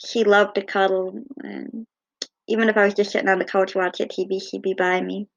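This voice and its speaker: A woman telling fond, gently humorous personal stories in a casual way. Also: mid-range voice, flat delivery, brisk, vocal fry, dull audio. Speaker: cat owner.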